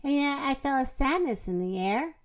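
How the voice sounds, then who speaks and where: A woman voicing a plump female cow who loves cream puffs, read softly in a children's storybook. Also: sits high, animated, normal speed. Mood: wistful.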